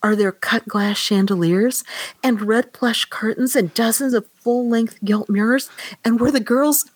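A woman's voice: fairly high pitch, measured pace, breathy edge, no room sound, voice pushed up. A woman reading as a curious, prim Southern lady. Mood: eager curious. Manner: hushed, eager questioning.

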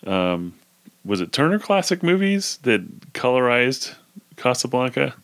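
A man's voice: medium pitch, big pitch swings, measured pace, fairly bright tone, dry recording. A man co-hosting a podcast, chatting casually about a film, laughing along and agreeing often. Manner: easygoing, laughs along, frequent short agreements. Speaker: podcast co-host.

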